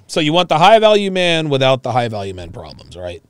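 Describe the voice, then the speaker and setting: A man streaming live commentary over a clip, animated and incredulous, mocking what he hears and reading chat messages aloud. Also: medium pitch, normal speed, clear, resonant tone.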